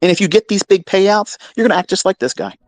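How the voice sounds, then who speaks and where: A man telling a story in a profane, animated, mocking way, as a trading mentor talking to his audience. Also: high voice, fast talker, no room sound. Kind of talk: casual storytelling monologue.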